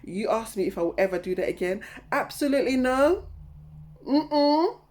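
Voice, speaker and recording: A woman's voice: mid-range voice, fast. Chatty woman vlogger telling a travel story. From lives in London. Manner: animated, laughing, acts out her own past reactions. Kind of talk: casual travel vlog chat.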